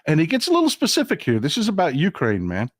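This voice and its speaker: A man's voice: fairly high pitch, huge pitch swings, fast, dry recording. Man hosting a casual talk show, dry sound. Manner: conversational, loose with fillers. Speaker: podcast host. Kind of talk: casual political chat.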